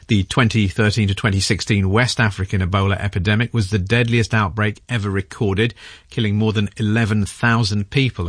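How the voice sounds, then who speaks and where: A male news presenter with a low, husky voice reads his script briskly and without stumbles. The sound is dry and close to the mic. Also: no room sound. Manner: brisk, smooth reading.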